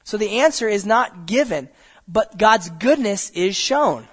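A man's voice: high voice, expressive, a little slow, fairly bright tone, husky. A man preaching a sermon in a conversational way, stumbling over restarts and acting out quoted voices. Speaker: pastor.

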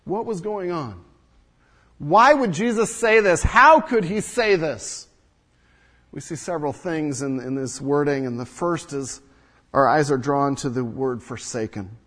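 A man preaching a sermon to his congregation, swinging from hushed low passages to loud emphatic peaks, with repetition and rhetorical questions. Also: expressive, a little slow, husky. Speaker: pastor.

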